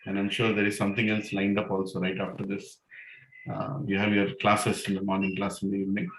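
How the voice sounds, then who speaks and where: A man's voice: on the low side, monotone, a little fast, fairly bright tone, a little hiss or hum. Man hosting with an echoey sound. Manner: rambling, many "you know" fillers. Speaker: host of an online class. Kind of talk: casual storytelling and closing thanks.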